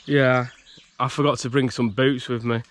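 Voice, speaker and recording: A man's voice: mid-range voice, flat delivery, moderate pace. A man chatting in a casual, rambling vlog while walking outdoors by a loch, a little bunged up from a cold. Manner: chatty, rambling, restarts and laughs. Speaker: vlogger. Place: outdoors on a rural campsite by a loch.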